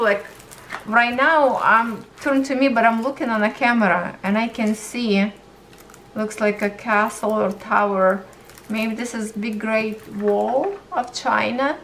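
Woman host for a craft unboxing vlog, slow-spoken and excitable, mic set back with faint hiss. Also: mid-range voice, recorded from a distance, rough recording. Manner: gushing, excitable, chatty. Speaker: diamond painting YouTuber.

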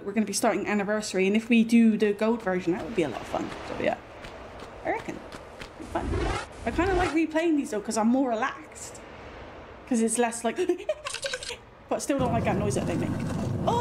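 A woman, chatting casually and excitably while streaming a game. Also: on the high side. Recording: noisy background.

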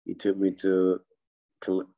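A man's voice: low voice, monotone, takes it slowly, dull audio. A man telling stories on a podcast as a guest, laughing often and swearing freely. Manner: laughing, profane storyteller. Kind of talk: casual storytelling chat.

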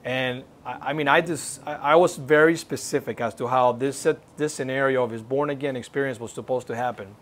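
Man, church testimony, storytelling, mid-pitched voice, earnest. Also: steady tone, brisk, hardly any pauses. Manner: storytelling, reenacting the dialogue; earnest, exhorting. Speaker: church speaker giving a testimony. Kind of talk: personal testimony at a church service.

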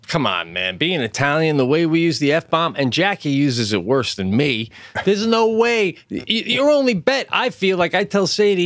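A middle-aged man chatting on a podcast, his pitch leaping all over as he acts out loud quotes and swears freely. The sound is dry and close, with no room around it. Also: very animated, normal speed, no echo. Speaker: podcast co-host. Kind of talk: casual chat. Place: home studio.

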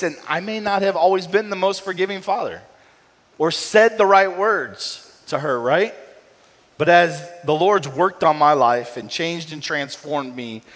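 A middle-aged man preaching a sermon in a casual, conversational way, often tagging his points with a quick question to the room. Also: fairly high pitch, a bit bright. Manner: conversational, frequent tag "right?". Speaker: pastor. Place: church sanctuary. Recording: long hall reverb.

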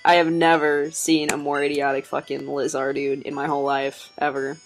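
Young woman, let's player, low voice, swears freely, laughs a lot, chatty with viewers. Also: flat delivery, moderate pace, faint music behind, low-quality recording. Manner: chatty, talks to viewers while playing. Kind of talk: casual gameplay commentary.

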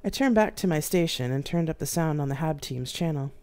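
A woman's voice: low-pitched, fairly quick. A woman author reading her own science fiction novel aloud in first person, on a live stream. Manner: first-person narration, expressive. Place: home streaming setup.

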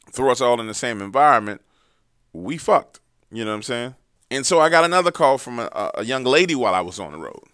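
Bright, dry-voiced male storyteller. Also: lowish voice, dry recording. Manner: loose, profane, conversational retelling of callers' stories. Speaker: host of a paranormal story show. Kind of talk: casual storytelling. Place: in a car while driving.

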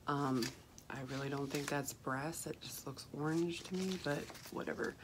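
A woman, chatting casually and softly as a vlogger, rambling with fillers, her voice rough and froggy. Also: low-pitched, normal speed. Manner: soft-spoken, rambling with fillers and restarts. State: rough, froggy voice with throat clearing. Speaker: craft haul vlogger. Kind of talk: casual chat. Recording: clear background hiss, crinkling packaging.

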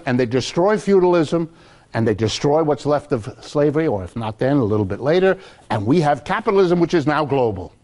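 A man giving a public lecture, telling history like a story and acting out quotes in a lively, punchline-driven way. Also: fairly high pitch.

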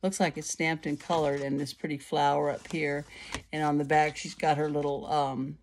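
Chatty low-voiced woman. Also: level tone, moderate pace, darkish tone, a little hiss or hum. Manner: chatty, many fillers and restarts. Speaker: card-making vlogger. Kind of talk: casual chat to camera. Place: at home, indoors. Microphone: phone camera.

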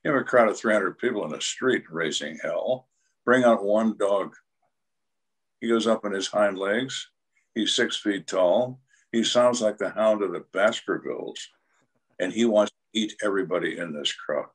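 An older man with a low, husky voice tells crime stories as an interview guest. His delivery is blunt, dry and dramatic, with deadpan punchlines. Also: moderate pace. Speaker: retired homicide detective, guest. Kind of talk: storytelling interview.

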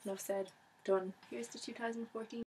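Chatty young woman vlogger, flat pitch. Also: brisk, a little hiss or hum, low-quality recording. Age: young adult. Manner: chatty, bubbly. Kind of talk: casual chat to camera.

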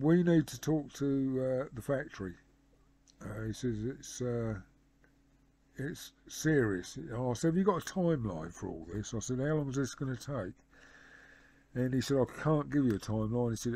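A man's voice: mid-range voice, darkish tone, dry recording. A man vlogging about his motorcycle, casually retelling a phone conversation with lots of "he said" and "I said". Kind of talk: casual storytelling to camera.

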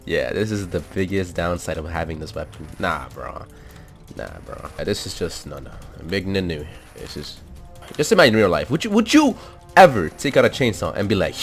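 A young man giving casual, excitable commentary over his own gameplay, swearing, laughing and repeating himself. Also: deep voice, normal speed. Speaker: gaming commentator. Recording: faint background music.

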